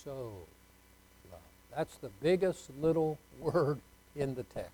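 A man preaching a sermon, leading the congregation in call-and-response and swinging between soft asides and loud, emphatic lines. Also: a little high, expressive, slow, low-quality recording. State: unwell.

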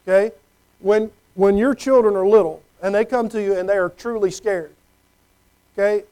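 A man's voice: sits high, steady tone, moderate pace, dark tone, clear, resonant tone, poor audio. A middle-aged man preaching a conversational sermon, often checking in with "okay?". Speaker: pastor.

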